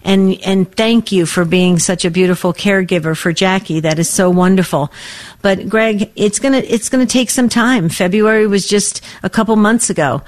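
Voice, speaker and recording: A woman co-hosting a faith-based call-in radio show, speaking in a gentle, encouraging way to a caller. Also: medium pitch, normal speed.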